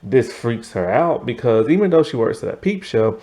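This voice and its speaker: A man's voice: medium pitch, big pitch swings, moderate pace, dark tone. A man giving a casual, rambling TV review, tired and yawning, full of asides and fillers. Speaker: TV show reviewer.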